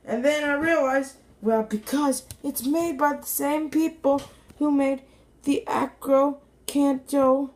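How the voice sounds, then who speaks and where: A woman casually reviewing a toy to camera in a playful, rambling way, joking with the viewers and even talking to the toy. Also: sits high, a little slow.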